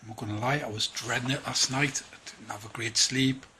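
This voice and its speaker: A man's voice: mid-range voice, steady tone, brisk, pushed and bright, a little hiss or hum. A man, rambling through a casual spoken diary and sounding tired. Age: 40s. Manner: rambling, chatty, quotes others in conversation. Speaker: vlogger.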